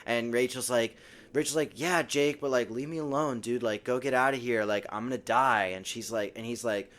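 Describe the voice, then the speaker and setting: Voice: mid-range voice, normal speed, a bit bright. A podcast co-host in casual chat, retelling scenes with dry, sarcastic asides. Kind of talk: casual book recap chat.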